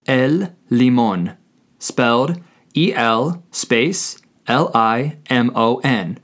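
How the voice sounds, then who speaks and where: A man with a medium-pitched voice teaches a scripted language lesson, speaking deliberately and spelling words out letter by letter.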